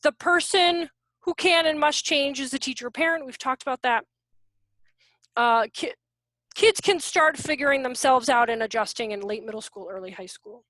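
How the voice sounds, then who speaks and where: A woman's voice: high-pitched, moderate pace, a bit bright, no room sound. A woman presenting an online workshop on parenting and teaching, talking casually and acting out parents and kids as she goes. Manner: chatty, acts out parent and child voices. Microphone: video call.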